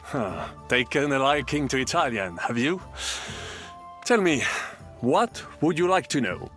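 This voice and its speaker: A man's voice: mid-range voice, big pitch swings, unhurried, a bit bright, soft background music. An actor playing a worldly man who teaches flirting phrases, amused and teasing, tossing in French words. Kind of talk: video game dialogue.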